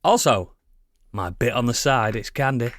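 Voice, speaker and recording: A man's voice: medium pitch, animated, moderate pace. A man hosting a casual podcast chat, teasing his co-hosts as he introduces them. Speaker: podcast host.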